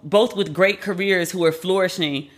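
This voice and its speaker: A woman's voice: lowish voice, moderate pace. A woman hosting a podcast alone, talking in a chatty, candid, profane way. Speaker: podcast host. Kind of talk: casual solo commentary.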